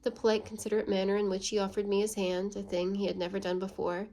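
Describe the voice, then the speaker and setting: An audiobook reader, female and mid-range in pitch, tells a classic novel's story with an even, deliberate cadence.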